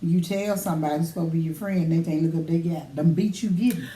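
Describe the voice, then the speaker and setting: A woman on a casual podcast, giving calm, measured advice. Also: low voice, roomy sound. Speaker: podcast co-host. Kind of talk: casual faith podcast chat.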